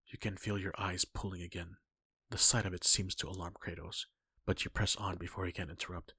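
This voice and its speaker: Male story reader, low and husky with a bright edge, dry and close. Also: level tone, brisk, dry recording. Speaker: fan-fiction reader. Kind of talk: second-person story reading.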